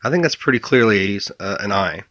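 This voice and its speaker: Earnest man explaining in a measured voice. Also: fairly low pitch, animated, a bit bright. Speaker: channel owner. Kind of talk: explanatory monologue to camera.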